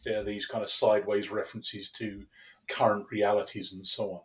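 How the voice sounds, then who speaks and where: A man in conversational discussion as a podcast co-host and lecturer, talking in an animated way, chuckling often and restarting his phrases. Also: lowish voice, normal speed, distant mic.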